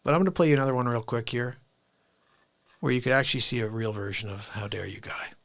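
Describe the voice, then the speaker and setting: A man hosting an unscripted live stream, rambling in quick asides to his viewers. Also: mid-range voice, a bit bright, no room sound.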